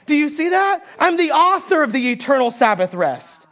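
Emphatic high-voiced woman preaching. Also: big pitch swings, moderate pace, a bit bright. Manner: emphatic preaching, repeating key phrases, rising when quoting. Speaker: pastor. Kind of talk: sermon.

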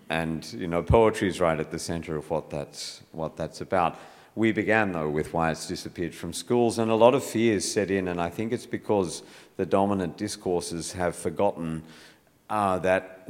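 Australian male poet, very low voice, musing and anecdotal, lecture hall with long reverb. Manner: reflective storyteller, many fillers and restarts. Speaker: poet speaking at a public talk. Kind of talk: conversational talk to a live audience. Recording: hall reverb, live event.

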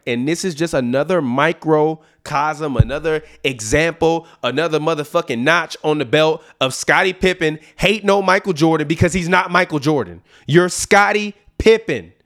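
A man with a high, gravelly voice rants on his sports podcast. He talks emphatically and profanely. His outbursts swing into low, muttered asides. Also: fairly bright tone. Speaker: podcast host. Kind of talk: heated sports rant.

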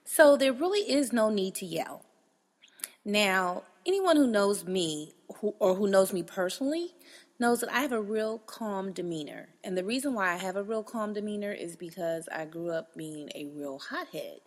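A woman hosts a casual monologue, blunt and exasperated, with frank profanity. Her mid-pitched voice has a gravelly fry, and it rings with long hall reverb. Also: lively intonation, normal speed. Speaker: podcast host.

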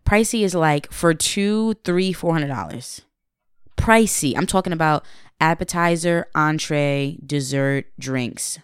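Low-voiced woman telling a story. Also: takes it slowly, clean tone, dry recording, studio quality. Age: late 20s. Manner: animated storytelling, playful teasing. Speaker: podcast co-host. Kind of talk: casual chat.

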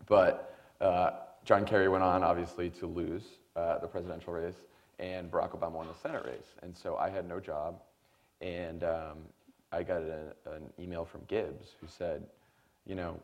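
A man in his thirties, a guest at a forum, telling a long anecdote in a lively way and acting out the other people. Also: sits low, normal speed. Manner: animated anecdotal storytelling with quoted voices. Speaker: guest, former speechwriter. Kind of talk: storytelling in a forum conversation. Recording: dull lo-fi sound.

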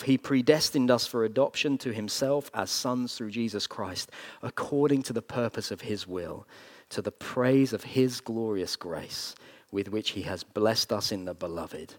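A man preaching a sermon, earnest, leaning on slow emphatic phrases with sudden bursts of energy. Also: mid-range voice. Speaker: pastor.

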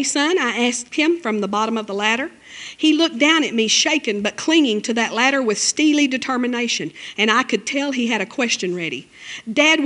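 High-pitched woman preacher, emotional, fervent sermon delivery. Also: fairly bright tone. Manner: emotional, fervent, with frequent amens and hallelujahs. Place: church.

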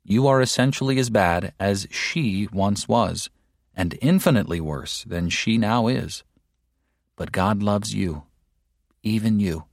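A man delivering a sermon in a slow, deliberate and emphatic way, with stern rebuking asides. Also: on the low side, no echo, clean studio sound. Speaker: preacher. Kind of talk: sermon read aloud.

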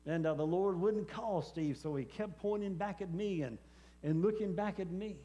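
A man preaching a personal testimony sermon, speaking haltingly with many fillers and repeated words. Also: sits high, dark tone. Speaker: preacher and former hospice chaplain.

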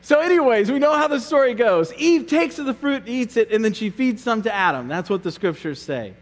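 A man's voice: very high voice, lively intonation, fairly quick, in a large hall. A man preaching a sermon as pastor, earnest and conversational, often repeating his words as he goes.

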